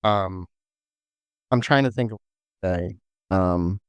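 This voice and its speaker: A man hosting a casual chat, easygoing and explanatory, recorded close in a quiet room. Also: low voice, slow, smooth, dry recording. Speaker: host explaining game lore.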